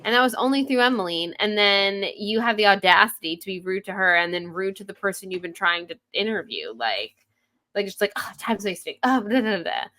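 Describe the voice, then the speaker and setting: A woman's voice: mid-range voice, lively intonation, fairly quick, sharp tone. A woman co-hosting a podcast, chatting about a novel with emphatic, incredulous reactions. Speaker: podcast co-host. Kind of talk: casual book chat.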